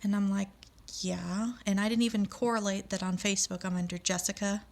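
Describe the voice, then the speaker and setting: A woman's voice: mid-range voice, level tone, a little fast. Woman telling an emotional personal story. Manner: emotional, acting out quoted voices.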